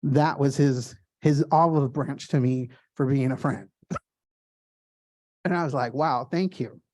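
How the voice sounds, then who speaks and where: A man tells stories about his own artwork in a casual, animated way. He rushes ahead when he gets excited and stumbles over fillers and restarts. His voice sits at a mid pitch and sounds dry and close, with no room echo. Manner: excited, talks fast in quick bursts. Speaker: artist giving a gallery talk. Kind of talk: casual storytelling talk.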